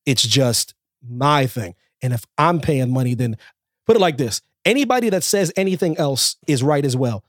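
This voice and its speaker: A man's voice: moderate pace, no echo, studio quality. A man co-hosting a podcast in casual chat. He talks in an emphatic, repetitive way and jumps into mocking quoted voices. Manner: animated, emphatic, repeats himself, jumps into high mocking quotes. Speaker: podcast co-host.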